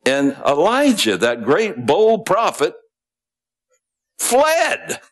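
A man's voice: sits low, lively intonation, slow pace. A man preaching a sermon, retelling a story in a conversational way with asides and small chuckles.

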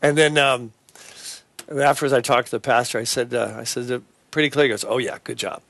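A man's voice: medium pitch, steady tone, a bit bright. Earnest man hosting a Christian talk show. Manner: earnest, halting with fillers and restarts. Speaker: host.

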